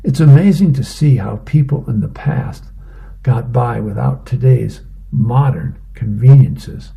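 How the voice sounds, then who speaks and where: A man's voice: mid-range voice, measured pace, vocal fry, warm tone. A man reading a comic aloud, voicing a bumbling, self-satisfied husband in an earnest, musing way.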